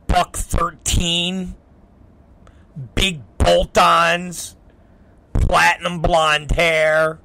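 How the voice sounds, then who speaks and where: Brash, bright-voiced man ranting. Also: on the high side, no echo. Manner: animated, profane, quotes people in quick back-and-forth. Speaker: podcast host. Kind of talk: profane storytelling monologue.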